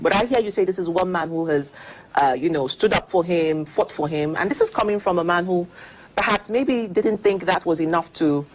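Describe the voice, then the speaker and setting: A woman interviewing a guest on TV, asking measured questions with hedging fillers. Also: fairly low pitch, slight background noise, rough recording.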